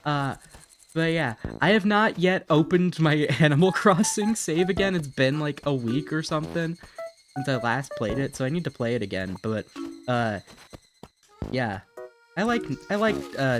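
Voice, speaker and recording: A man's voice: on the high side, animated, normal speed. Goofy man streaming a cozy game. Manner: goofy, self-mocking, slips into a silly put-on accent. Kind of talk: casual gaming commentary. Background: game music.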